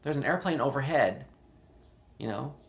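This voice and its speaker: A man's voice: mid-range voice, expressive, moderate pace, creaky, a bit bright. A man talking casually and rambling at home, repeating himself and laughing often. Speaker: podcast host. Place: indoors in a house.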